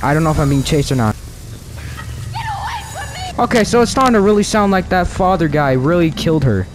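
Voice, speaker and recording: Excitable young man with a jumpy voice. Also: fairly high pitch, fairly quick, pauses often, over music. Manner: excitable, cursing, yelling in fright; talks to his viewers. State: out of breath. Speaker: gaming video creator. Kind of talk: let's play commentary.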